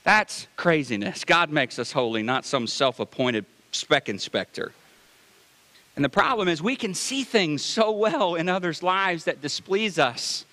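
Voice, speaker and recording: A man preaching a sermon to a congregation, animated and conversational, asking the crowd questions and mixing humor into his teaching. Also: fairly high pitch, a little slow, long reverb tail. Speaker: pastor.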